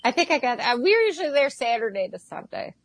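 Chatty woman with a gravelly edge. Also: sits high, sing-song, fast talker, no echo. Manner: candid, swearing, chatty, often acting out her son's lines. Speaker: guest. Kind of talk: casual chat. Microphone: video call.

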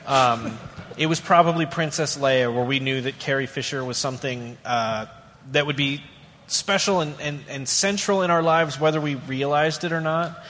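A man's voice: a little high, moderate pace, fairly bright tone, a little hiss or hum. A man moderating a convention panel, posing questions thoughtfully with wry humor. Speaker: podcast host, panel moderator. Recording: long hall reverb, faint ambience.

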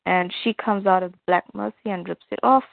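A woman's voice: mid-range voice, fairly even intonation, a little fast, creaky, dry recording. A woman casually retelling a comic book story, chatty and conversational. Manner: chatty, retells scenes with "she's like". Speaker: comic reader and narrator. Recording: tinny phone-like dry sound.

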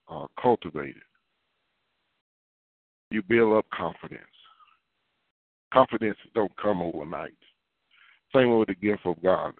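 A man preaching in a loose, conversational way, circling back on his phrases. His voice sits fairly low, and it comes through dry and narrow like a phone line. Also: no room sound. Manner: conversational preaching with repeated phrases and folksy asides. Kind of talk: sermon.

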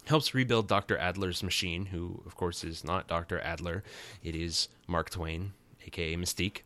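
A man's voice: low voice, fairly even intonation, moderate pace, bright, forceful tone. A man hosting a podcast, giving a casual comic recap with rambling, wry and sarcastic asides. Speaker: podcast host.

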